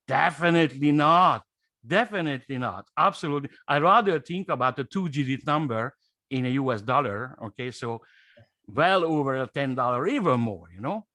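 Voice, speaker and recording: A man whose first language is Hungarian, giving an enthusiastic guest pitch on a webinar, stressing points and tagging them with "okay?". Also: bright, forceful tone, dry recording. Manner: emphatic, repeats "okay?" and key phrases. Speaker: guest speaker.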